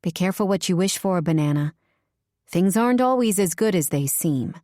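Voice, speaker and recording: A woman's voice: on the low side, lively intonation, normal speed, dark tone, no room sound, studio quality, natural voice. A woman doing a curt, bitter mother. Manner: curt, clipped.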